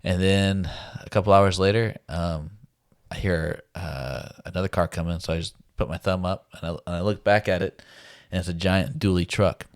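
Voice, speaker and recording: Deep-voiced man telling a laid-back story. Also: fairly even intonation, normal speed, few pauses, clear, resonant tone, no echo, studio quality. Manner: laid-back, laughs often, acts out quotes. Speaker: guest telling a survival story. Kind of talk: casual storytelling.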